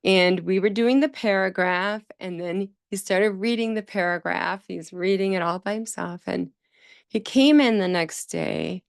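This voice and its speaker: A woman hosting a podcast about speech therapy, telling stories with lively emphasis and acting out the voices of people she quotes. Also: mid-range voice, measured pace, gravelly, smooth, dry recording, studio quality. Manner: animated storytelling, acts out quoted voices, emphatic repetition. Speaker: speech-language pathologist podcast host. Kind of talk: solo podcast talk.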